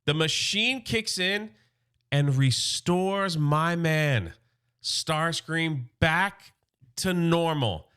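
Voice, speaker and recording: A man recapping a comic book in a casual, slangy, excited way. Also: on the high side, extremely slow, clean tone.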